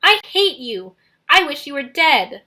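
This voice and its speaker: A young boy torn between grief and rage hurls accusations in a high, breaking voice, as a woman reading an audiobook plays him. He shouts much louder than the narration around him, with a bright, sharp edge. It is storybook voice work for a heartbroken child. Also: expressive, unhurried, exaggerated voice. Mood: screaming.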